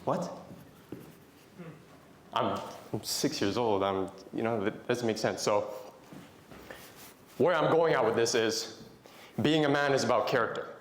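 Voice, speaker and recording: A man's voice: medium pitch, moderate pace, slight background noise. Young man giving a faith talk, echoey room. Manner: conversational storytelling, asks the audience questions. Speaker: motivational Christian speaker.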